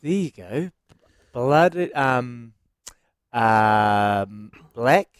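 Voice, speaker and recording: A man with a New Zealand accent co-hosting a casual morning radio show, excitable and quick to exclaim. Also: medium pitch, clean tone, dry recording, studio quality. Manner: excitable, exclaiming, restarts often. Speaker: radio co-host.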